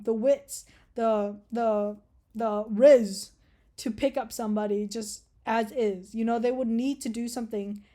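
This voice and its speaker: A woman vlogger rambles through a casual, jokey rant, swearing freely and restarting her sentences. Her voice sits a bit high. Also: warm tone.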